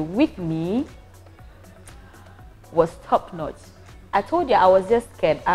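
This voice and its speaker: A young Ghanaian woman casually recounting her hospital stay as a patient, animated and prone to restarts. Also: mid-range voice. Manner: animated, acts out voices, frequent restarts. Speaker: patient giving a testimonial. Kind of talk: casual storytelling.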